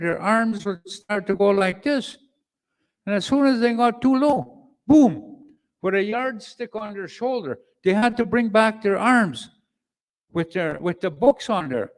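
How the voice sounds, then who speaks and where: A man in his later years, his voice sitting high for a man, tells his story at a men's conference. He speaks slowly and with weight, circling back on phrases and acting things out as he goes. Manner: slow, emphatic, with repeated phrases and demonstrations. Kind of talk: personal testimony talk.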